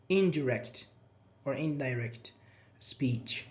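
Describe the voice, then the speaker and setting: An unhurried, expressive male English teacher runs a grammar class live, talking casually and asking his students questions. His voice is slightly higher than most men's, and he praises students by name as they reply.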